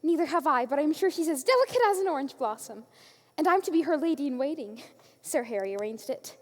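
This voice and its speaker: A woman's voice: high voice, lively intonation, fast talker. A woman playing a giddy young lady-in-waiting in a live stage musical, gushing breathlessly. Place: theater stage. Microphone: far camera.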